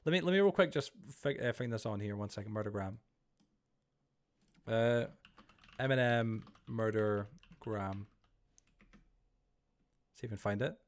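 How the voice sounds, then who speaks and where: A man with a fairly low voice streams his gameplay live, chatting casually and rambling to viewers at an unhurried pace with frequent pauses. He startles easily.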